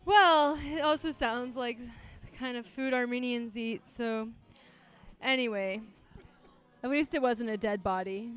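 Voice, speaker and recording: A woman's voice: a little high, unhurried, a bit bright, soft background music. A woman co-hosting a casual podcast in a bar, bubbly and teasing with her guests. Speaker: podcast co-host.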